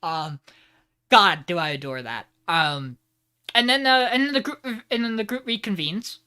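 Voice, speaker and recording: A man co-hosting a podcast, excitedly recapping an anime episode and acting out quotes with laughs. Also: high voice, unhurried, clear, resonant tone. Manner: animated retelling with acted-out quotes and laughs. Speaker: podcast co-host. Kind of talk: casual anime recap chat.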